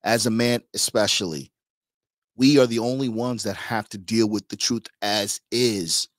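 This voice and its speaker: Man, lowish voice, blunt preachy host commentary, dry sound. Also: measured pace, no room sound. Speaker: host reacting to clips. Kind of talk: casual commentary.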